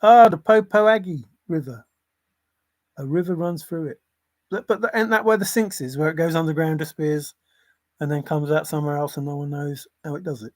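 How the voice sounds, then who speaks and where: A man's voice: fairly high pitch, a little fast, no echo. A man hosting a casual livestream, rambling between topics, often chuckling and apologizing. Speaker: livestream host.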